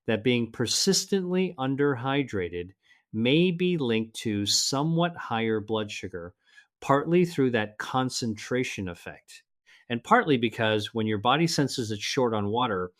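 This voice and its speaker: An older man narrating a health advice video in an earnest, measured way, slowing down to stress single words. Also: mid-range voice, animated. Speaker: health presenter. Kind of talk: scripted narration.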